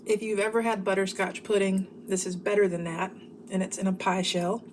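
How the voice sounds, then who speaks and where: A woman, chatting warmly and enthusiastically to viewers in a home cooking vlog while tasting food. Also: medium pitch, flat delivery, a little fast, a little hiss or hum. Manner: chatty, enthusiastic, says y'all. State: talking while eating.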